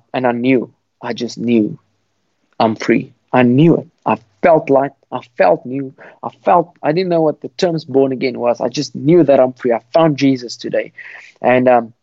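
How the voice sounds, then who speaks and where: A man's voice: mid-range voice, normal speed, a little mellow, no echo. A man on a video call telling his faith testimony with passion, often repeating words and restarting sentences. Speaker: guest sharing his testimony. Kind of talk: earnest storytelling on a call. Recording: dull, dry call audio.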